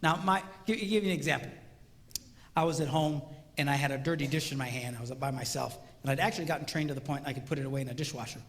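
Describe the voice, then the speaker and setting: A middle-aged man delivers a comedic talk about marriage to a live audience, acting out voices and joking with the crowd in an animated way. His voice sits at medium pitch and he talks fast. The hall adds reverb, with faint ambience and slight background noise.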